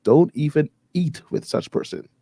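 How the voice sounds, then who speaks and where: A man's voice: on the high side, lively intonation, normal speed, gravelly, mellow, slightly rough. A man from the Bahamas co-hosting a radio talk show, laughing often and reading listener comments aloud. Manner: laughs often, short agreeing interjections. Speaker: radio co-host. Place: radio studio.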